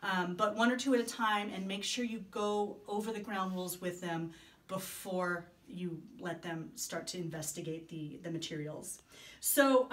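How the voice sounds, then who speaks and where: A woman's voice: mid-range voice, fairly bright tone. A woman explaining training materials to volunteers in a friendly, chatty way, with many ums and asides. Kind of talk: instructional training video.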